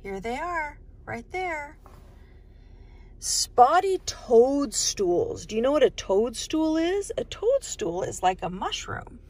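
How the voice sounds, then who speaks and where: A woman reads a picture book at a children's storytime, asking young viewers sing-song questions about things on each page and sometimes dropping to a whisper. Her high, darkish voice is very animated, at a measured pace with hardly any pauses and no echo.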